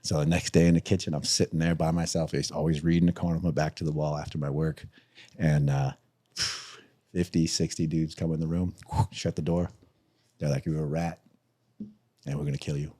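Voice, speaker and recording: A man telling a story as a podcast guest, animated, swearing freely and laughing through it, jumping up in pitch when acting out other people. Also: brisk.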